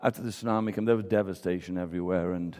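A man's voice: sits low, steady tone, rapid-fire, darkish tone. A man preaching a sermon and telling a story, acting out the voices of the people in it. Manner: storytelling, acts out quoted voices. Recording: preaching in a reverberant hall.

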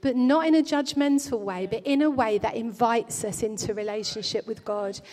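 A woman preaching a sermon in a church, speaking earnestly and gently in a pastoral way, often restarting her phrases. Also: fairly high pitch, moderate pace. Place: church hall. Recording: long hall reverb.

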